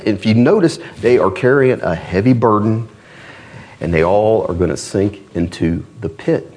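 A man preaching a sermon, reading an old allegory aloud with dramatic rises on the characters' cries. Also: a little mellow. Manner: reads old-fashioned text dramatically, rising pitch on cries.

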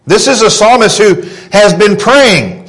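A man in his thirties preaching a sermon, earnest and deliberate, rising in pitch when he quotes scripture. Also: lively intonation, a bit bright, poor audio. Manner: slow, earnest preaching with emphatic rises on quotes. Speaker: pastor.

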